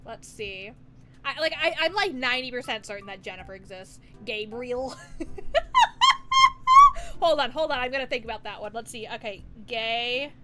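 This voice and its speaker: A woman's voice: fairly high pitch, a little fast, hardly any pauses, music in the background. A woman streamer in casual live-stream chat, giggly, playful and rambling as she muses aloud.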